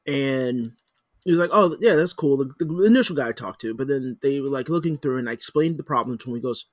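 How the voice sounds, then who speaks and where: Grumbling mid-pitched man, dry sound. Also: lively intonation, fast talker, no echo. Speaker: podcast co-host. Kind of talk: casual chat.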